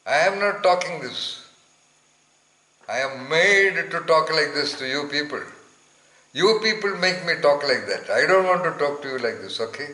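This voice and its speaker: A man giving an informal spiritual talk to listeners, emphatic and rambling, often pausing to search aloud for words. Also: a little high, animated, pushed and bright, echoey room, low-quality recording.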